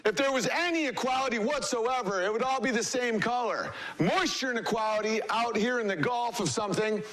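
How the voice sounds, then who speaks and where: A man's voice: extremely high pitch, fairly quick, fairly bright tone, voice pushed up. A man performing a satirical TV weatherman in a comedy sketch, with an over-the-top newscaster delivery. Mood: mock-alarmed. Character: mock TV weatherman, male adult, overwrought satire.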